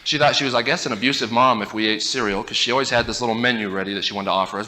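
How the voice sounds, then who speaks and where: A man giving a humorous storytelling talk from a stage, animated and laughing through his stories. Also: on the low side, racing, few pauses. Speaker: motivational speaker. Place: stage before a live audience.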